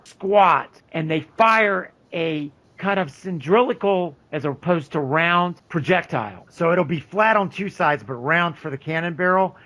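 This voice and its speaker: A man's voice: high-pitched, a bit bright. A man narrating a tabletop game as game master, describing scenes with frequent restarts.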